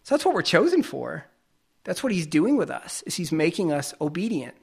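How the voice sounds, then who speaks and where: Man preaching a lively conversational sermon. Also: a little high, normal speed, creaky, slightly rough. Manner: conversational preaching with everyday examples. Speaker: pastor.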